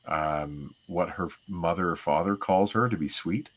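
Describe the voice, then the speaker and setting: A man chatting casually as co-host of a comic reading stream. He has a lower voice, talks in a relaxed way and breaks into laughter easily. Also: moderate pace.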